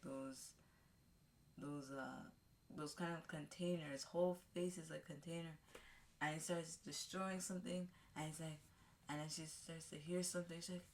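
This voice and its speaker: A woman vlogger casually recapping a movie, rambling with halting restarts and fillers. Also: deep voice, a little mellow, slight background noise. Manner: acts out characters' lines in a raised voice.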